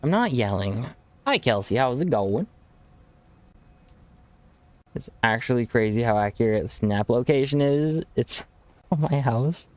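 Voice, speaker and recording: A man's voice: mid-range voice, lively intonation, a little slow, long pauses, no room sound. A young man chatting casually to viewers on a game stream, laid-back and rambling, calling people bro. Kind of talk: casual live-stream chat while gaming.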